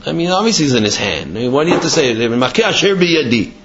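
Brief: man Torah teacher, conversational and lively, in a dull lo-fi recording. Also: medium pitch, racing, noisy background. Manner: animated, conversational explaining. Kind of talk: Torah class with storytelling.

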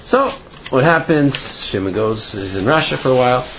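A man's voice: medium pitch, lively intonation, normal speed, fairly bright tone. A man teaching an informal Torah class, talking in a chatty storytelling way with fillers. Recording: dull lo-fi recording with faint noise.

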